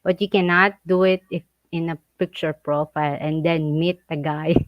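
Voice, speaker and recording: A woman chatting casually as a vlog co-host, animated and laughing as she reads viewer comments and acts out quoted voices. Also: low-pitched, moderate pace, dry recording, lo-fi sound.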